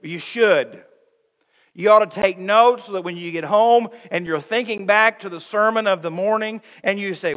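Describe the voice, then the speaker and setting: A man's voice: sits high, normal speed, a bit bright, long reverb tail. A man preaching a sermon to his congregation, calling them friends and acting out everyday quotes with humor. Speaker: pastor. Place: church sanctuary.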